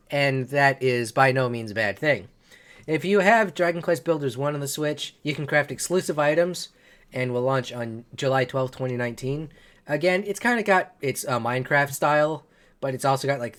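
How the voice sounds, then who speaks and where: A man's voice: medium pitch, a bit bright. A man hosting a casual game-news podcast, rambling and correcting himself as he goes. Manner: rambling, self-correcting, chuckles at own slips. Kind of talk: casual chat.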